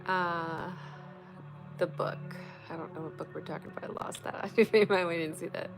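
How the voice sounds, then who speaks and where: Low-voiced woman in casual late-night chat. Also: steady tone, moderate pace, gravelly, low-quality recording. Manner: frank, loose and sprinkled with swearing, giving spiritual advice. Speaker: livestream host. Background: music playing.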